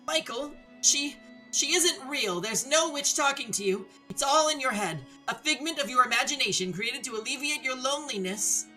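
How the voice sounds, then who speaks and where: A woman's voice: sits high, lively intonation, normal speed, faint music behind, voice pushed up. A woman voicing a desperate, spirited young woman. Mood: insistent. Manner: pleading, loud and urgent. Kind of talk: reading a visual novel aloud.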